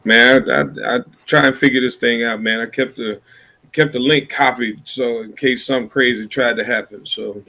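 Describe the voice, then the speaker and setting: Iowa guy, blues player, easygoing rambling storyteller, crisp bright tone, video call. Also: medium pitch, steady tone, moderate pace. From Iowa, USA. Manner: laid-back, rambling storyteller. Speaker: blues musician guest. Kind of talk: casual storytelling chat.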